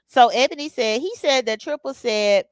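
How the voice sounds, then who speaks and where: A woman's voice: fairly high pitch, expressive, normal speed, dry recording. A woman hosting a casual livestream, talking bluntly with features and greeting chat viewers by name. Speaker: livestream host. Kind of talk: casual live commentary.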